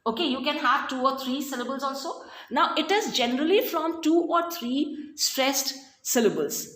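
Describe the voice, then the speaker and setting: High, lively Indian woman teaching. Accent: Indian English. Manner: explains slowly with many "okay" and "fine". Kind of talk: recorded online class lesson. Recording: roomy echo.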